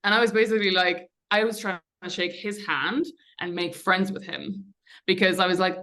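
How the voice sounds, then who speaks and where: A woman's voice: mid-range voice, steady tone, brisk, bright, forceful tone. A young woman on a podcast, candidly recounting a personal story in a chatty way, with lots of fillers and restarts. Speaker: podcast guest. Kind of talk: conversational storytelling.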